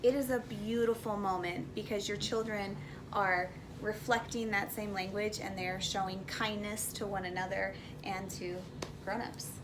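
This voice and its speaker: A woman with an average pitch co-hosting a parenting video from home. She chats casually, agreeing with her partner and adding her own examples. A clear background hiss runs under her voice throughout. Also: steady tone, moderate pace. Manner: conversational, affirming and adding examples. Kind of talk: casual teaching chat.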